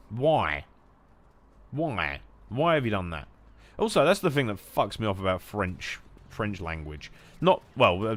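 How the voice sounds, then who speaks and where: Low, lively-voiced English gamer. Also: male voice. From England. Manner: jokey, rambling, sweary, swings to loud mock-German shouts. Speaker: gaming streamer. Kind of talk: casual chat while gaming.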